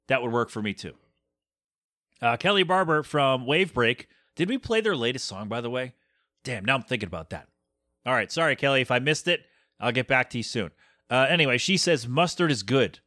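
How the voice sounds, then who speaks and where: A man's voice: medium pitch, fairly bright tone, dry recording. Annoyed guy rambling on his podcast, dry close sound. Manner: ranting, exasperated, loose and rambling. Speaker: podcast host. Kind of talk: casual solo podcast chat.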